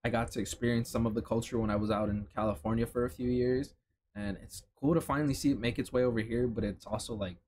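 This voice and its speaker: A young man from Chicago gives an excitable, slang-heavy running commentary, cursing freely as he reacts to new clothes and accessories. His voice sits at an ordinary middle pitch, with a faint room ambience behind him. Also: fast, a little hiss or hum. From Chicago, United States. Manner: excitable, slangy, swears casually. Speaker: streetwear vlogger. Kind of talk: casual commentary while browsing a lookbook.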